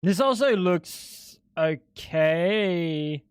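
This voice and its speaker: A young man chatting casually on a live stream, animated, swearing and laughing a lot. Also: sits high, very slow, clear, resonant tone, dry recording, studio quality.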